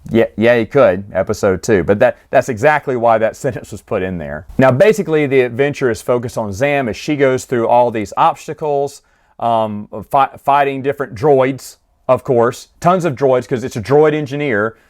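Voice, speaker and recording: Male book reviewer, mid pitch, relaxed chatty recap, acts out quotes. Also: normal speed.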